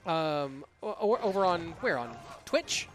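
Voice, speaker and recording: A man in his thirties, an esports caster and streamer, comments on a live online game and chats easily with his audience, reading donations out loud. His voice is on the high side, sing-song and fairly bright, at a measured pace, with soft music playing behind.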